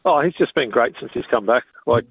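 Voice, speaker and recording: A man's voice: mid-range voice, expressive, fairly quick, husky, no echo. A man calling in to a radio show, chatty and enthusiastic. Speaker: caller. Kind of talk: phone-in chat. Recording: tinny phone line.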